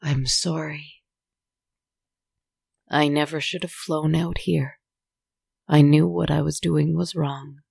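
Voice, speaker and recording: Frightened lost pilot man, hushed and tearful, gravelly and husky, as a narrator puts him on. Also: mid-range voice, level tone, slow, pauses often, no room sound, exaggerated voice. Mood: pleading tearful. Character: lost, terrified adult male pilot, begging.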